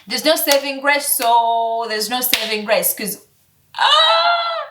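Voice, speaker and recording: A woman in her twenties ranting casually to camera, heated and profane, swinging between loud outbursts and low mutters. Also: measured pace, recorded from a distance, background noise. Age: 20s. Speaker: vlogger.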